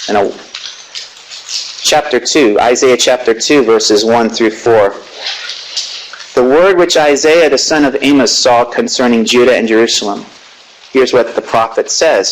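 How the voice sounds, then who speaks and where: A man giving a classroom lecture, animated, asking rhetorical questions and reading scripture aloud slowly. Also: mid-range voice, poor audio.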